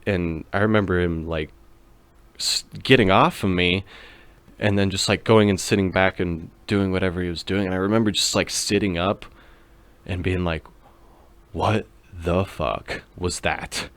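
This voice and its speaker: Young man, deep voice, podcast host, rambling profane storytelling. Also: steady tone, moderate pace, fairly bright tone, smooth, no room sound. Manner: loose and profane, lots of fillers. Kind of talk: casual storytelling.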